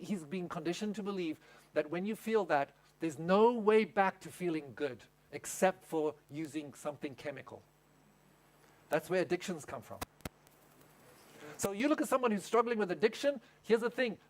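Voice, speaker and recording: A male pastor with a high-pitched voice preaches at a camp meeting. He tells a story step by step and throws questions out to the congregation. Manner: storytelling, asks the audience questions. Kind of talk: sermon.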